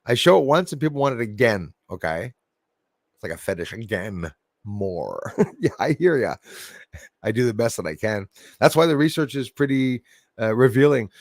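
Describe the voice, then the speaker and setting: A man's voice: mid-range voice, lively intonation, fairly quick, no room sound. Chatty man on a dry mic. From Canada. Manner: chatty, rambling, laughs often. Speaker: livestream host. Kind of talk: casual chat reading viewer comments.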